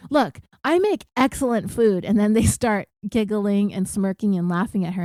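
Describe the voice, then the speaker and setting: Mellow-voiced woman casually recounting a story. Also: mid-range voice, no echo. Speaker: podcast host.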